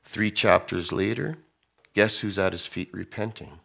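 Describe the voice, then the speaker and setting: Deep gravelly-voiced preacher. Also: male voice, a little slow. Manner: animated, acts out quotes, drops to hushed tones. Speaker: pastor. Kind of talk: sermon.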